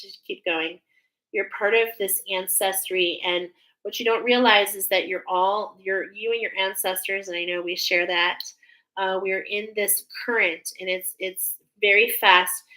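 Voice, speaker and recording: A woman reads cards live for her viewers and describes the images she sees in vivid, heartfelt terms. Her voice is bright and forward, and her delivery is emotional and effusive. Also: medium pitch, rough recording. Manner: emotional, gushing, speaks in images. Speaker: intuitive card reader. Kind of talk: live spiritual card reading. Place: live stream at home.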